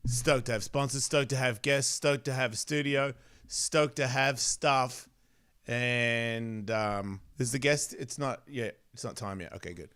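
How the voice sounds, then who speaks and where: Smooth-voiced man rambling on a podcast. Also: medium pitch, measured pace, a bit bright. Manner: rambling, distracted and profane, loses his thread. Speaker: podcast host. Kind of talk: casual podcast chat.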